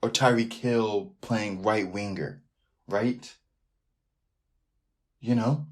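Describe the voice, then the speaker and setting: A man's voice: on the low side, extremely slow. Rambling man hosting a sports podcast. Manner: rambling, animated, riffs off on tangents. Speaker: podcast host. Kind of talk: casual sports podcast monologue.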